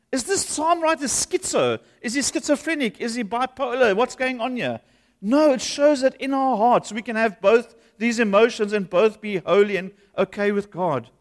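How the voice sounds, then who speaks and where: A man, a pastor preaching an earnest, conversational sermon in a church. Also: very high voice. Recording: long hall reverb.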